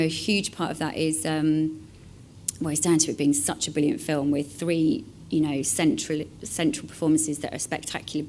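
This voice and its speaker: A woman, an actor talking about a favourite film in a relaxed, reflective way with many fillers and restarts. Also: low voice, slight background noise. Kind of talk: casual conversation.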